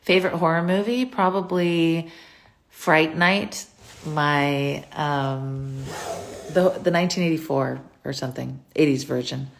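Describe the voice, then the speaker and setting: A woman with a low voice and a gravelly edge talks into her phone from home. She runs a casual livestream Q&A, reading viewer comments aloud and answering each one in a chatty, scattered way. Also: measured pace.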